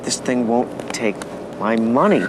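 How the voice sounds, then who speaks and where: Brief: actor as a blunt, hot-headed young man, voice over loud street noise. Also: medium pitch, lively intonation, measured pace, close to an everyday voice. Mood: tense.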